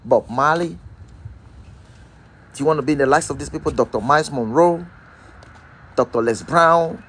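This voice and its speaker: A man's voice: fairly high pitch, moderate pace, fairly bright tone, husky. A man hosting a live-stream motivational talk, repeating rhetorical questions and calling out viewers by name. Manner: calls out viewers' names. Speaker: host.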